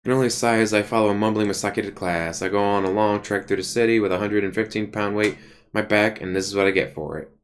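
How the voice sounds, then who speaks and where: A man streaming a visual novel, reading the text aloud in a casual way with quick asides. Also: lowish voice, fairly even intonation. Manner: casual, reads every part, quick asides.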